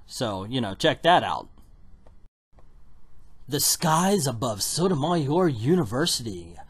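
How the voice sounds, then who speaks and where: A man's voice: fairly high pitch, fairly bright tone. A man reviewing a comic book with sarcastic, exasperated commentary. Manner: exasperated, mocking.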